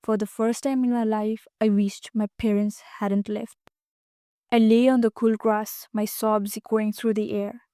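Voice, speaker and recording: A woman reads a mystery story aloud in the first person, with dramatic, emotional delivery. Her voice is somewhat high, and the recording is dry and close, with no room echo. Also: flat delivery, unhurried, dark tone, smooth. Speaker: audiobook narrator. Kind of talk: scripted first-person narration.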